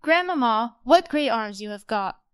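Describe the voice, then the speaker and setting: A woman's voice: a little high, animated, normal speed, smooth, close to an everyday voice. A woman voicing an innocent, trusting little country girl who speaks politely and earnestly. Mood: wondering.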